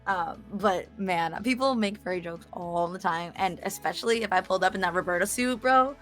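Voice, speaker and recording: A young woman telling a story as an interview guest, animated and chatty, laughing and swearing as she goes. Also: lowish voice, normal speed, few pauses, faint music behind. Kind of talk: casual storytelling.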